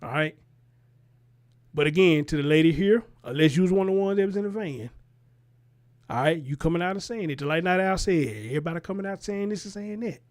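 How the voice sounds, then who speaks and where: Man, high and heated. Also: fairly quick. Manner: animated, profane, fires rhetorical questions. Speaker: commentary show host. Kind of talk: reacting to a news clip.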